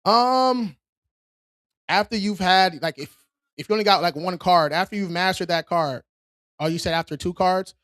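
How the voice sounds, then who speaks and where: A man's voice: high-pitched, moderate pace, long pauses, a bit bright, no room sound, studio quality. A man hosting a live stream, reading viewers' questions aloud and answering them in a casual, streetwise way. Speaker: credit repair livestream host.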